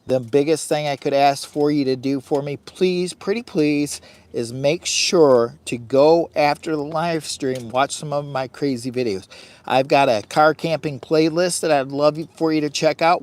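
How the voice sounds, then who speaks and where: A chatty man hosts a casual live stream outdoors beside his tent on a windy campsite. His voice sits a little high for a man, and he talks straight to the viewers. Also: darkish tone, no echo.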